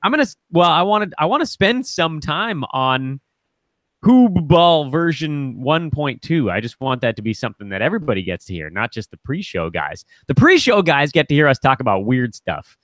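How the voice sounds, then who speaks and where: A man with a raised, lively voice that swings widely as he co-hosts a casual podcast. He talks in an animated way and laughs easily. The sound is close and dry, with no room around it. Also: a little high, moderate pace, no room sound. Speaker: podcast co-host. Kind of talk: casual live podcast chat.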